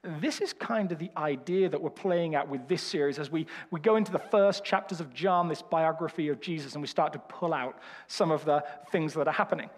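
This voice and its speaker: A man's voice: on the high side, a little fast, slightly rough. A man from Birmingham with a Birmingham accent, preaching a sermon with humorous, self-deprecating storytelling. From Birmingham, England. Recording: reverberant hall.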